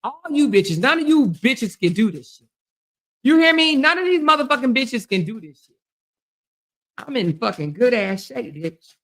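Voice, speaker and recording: A middle-aged woman hosting a livestream, trash-talking with loud profanity and taunts while she exercises her arms. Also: fairly high pitch, very animated, normal speed, pauses often. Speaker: livestream commentary host.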